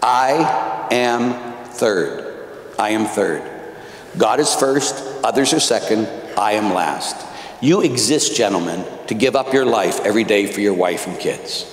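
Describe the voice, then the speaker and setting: A man, a priest, giving a fiery talk to a men's conference, dropping quiet and then building to loud exhortations. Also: fairly low pitch, lively intonation, moderate pace. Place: large church. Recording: echoey church hall.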